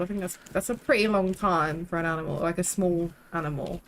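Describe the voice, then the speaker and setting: A woman's voice: lowish voice, little pitch movement, fairly quick, few pauses, slight background noise, rough recording. A young woman, chatting casually and rambling while live-streaming a game, swearing freely.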